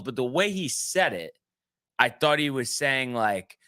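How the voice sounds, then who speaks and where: A man on a casual podcast, rambling through a story with lots of restarts and little acted-out quotes. His voice is bright and forward, sitting at a middle pitch. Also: sing-song, measured pace, clean tone. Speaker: podcast co-host. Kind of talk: casual chat.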